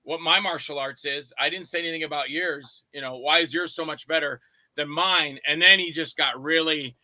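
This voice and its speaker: A man's voice: fairly high pitch, normal speed, no echo, low-quality recording. A man, a guest filmmaker, telling stories in a casual interview and acting out the people he quotes. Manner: animated, acts out quoted lines with swearing.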